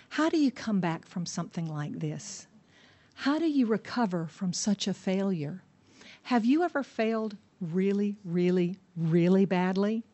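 A woman teaching a Bible passage to a group, telling the story in a lively way and asking her listeners questions. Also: mid-range voice. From United States.

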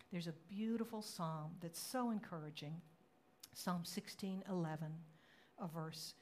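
A woman pastor preaching a sermon, moving between relaxed storytelling and dramatic, loud acted-out quotes. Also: unhurried, slight background noise. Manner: dramatic, acts out quotes with rising pitch and volume; conversational storytelling with fillers.

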